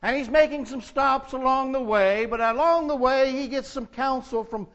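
A high-voiced man preaching a sermon in a folksy, humorous storytelling way. His voice carries a long hall reverb, and the recording sounds dull and muffled. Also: normal speed, a bit bright. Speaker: pastor.

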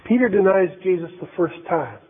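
High-voiced preacher with tinny sound. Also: male voice, animated, fairly quick, breathy edge. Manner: conversational, emphatic, repeats phrases. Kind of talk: sermon.

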